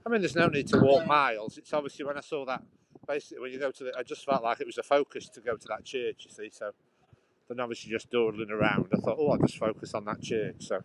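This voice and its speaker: A man's voice: medium pitch, steady tone, fast talker. A man, rambling in casual chat as he walks outdoors and livestreams from his phone beside a road. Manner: rambling, chatty, restarts sentences often. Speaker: livestream host. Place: outdoors walking by a busy road. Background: traffic and sawing noise.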